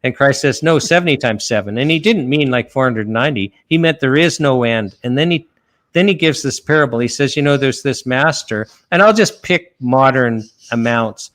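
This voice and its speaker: A man from Canada speaks as a guest on a talk show, earnestly retelling a story in loose conversational speech. His voice sits in a middle pitch, and he stumbles over restarts and fillers as he goes. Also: moderate pace, fairly bright tone. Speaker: lawyer guest.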